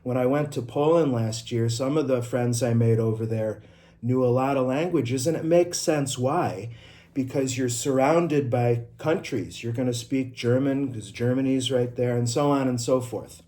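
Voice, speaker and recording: With a warm, mid-range voice at a moderate pace, this middle-aged man from upstate New York, whose accent is Inland North American, speaks casually to camera as an IT trainer. The vlog talk is personal and chatty, sprinkled with asides and moments where he corrects himself.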